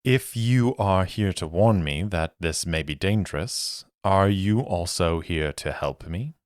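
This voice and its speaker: Wary, formal mercenary sleuth in a tabletop tale, voiced by a man, low and slow. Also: dry recording, clean studio sound. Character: wary, polite male mercenary investigator.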